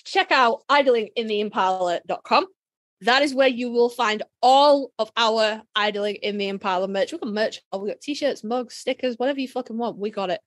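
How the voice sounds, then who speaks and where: A woman with a Yorkshire accent co-hosting a casual podcast, blunt and quick to swear, laughing often. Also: a little high, no room sound. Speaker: podcast co-host.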